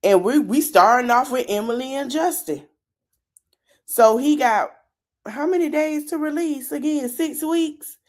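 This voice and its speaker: A woman's voice: sits high, measured pace. A woman hosting a podcast, giving a casual, chatty recap of a reality show and talking straight to her listeners. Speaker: podcast host.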